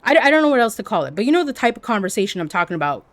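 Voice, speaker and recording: A woman livestreamer telling stories in casual chat, animated and peppered with "like". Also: a little high, racing. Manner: animated, heavy use of "like".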